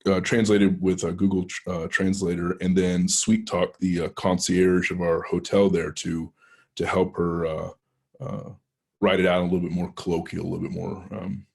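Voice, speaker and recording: A man's voice: deep voice, level tone, moderate pace, creaky, breathy edge. A man with a Texan accent, a penetration tester telling a story to a club, rambling and hesitant with many restarts. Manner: rambling anecdotal delivery, frequent hesitations and restarts. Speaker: penetration tester guest speaker.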